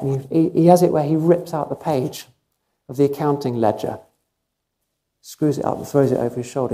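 Male preacher, mellow and relaxed tone, emphatic storyteller. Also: mid-range voice, normal speed, long pauses. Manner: emphatic, vivid storytelling with repeated phrases. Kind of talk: sermon.

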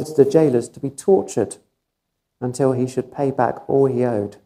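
A man's voice: medium pitch, normal speed, warm tone. A man preaching a sermon, telling a story vividly and emphatically, often repeating phrases for effect.

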